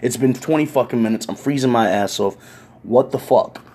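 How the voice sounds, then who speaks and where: Husky man telling a profane story. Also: mid-range voice, brisk, mellow. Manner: profane, wry, conversational. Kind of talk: casual spoken storytelling.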